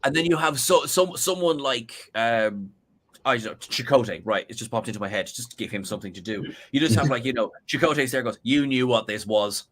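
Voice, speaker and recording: A man's voice: mid-range voice, expressive, fairly quick, a bit bright, husky. A man with an Irish accent, a guest co-host in a casual podcast chat who rambles with many restarts and asides.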